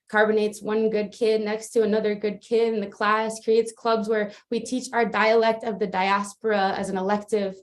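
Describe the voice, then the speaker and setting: Woman poet, spoken word, flat even read, via video call. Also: medium pitch. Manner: steady, even recitation with little rise and fall. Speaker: open mic poet. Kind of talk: spoken word poetry performance. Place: remote, joining from afar.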